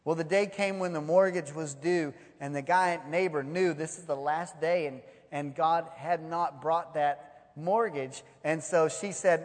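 A man preaching a sermon, telling stories in an animated way and acting out the voices. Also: fairly high pitch, a little slow. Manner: animated storytelling, acts out voices. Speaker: pastor. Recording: long hall reverb.

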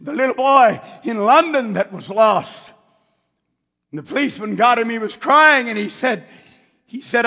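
A man preaching a sermon, telling stories dramatically and swinging from near whispers to shouts. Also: extremely high pitch, expressive, moderate pace, big-room sound.

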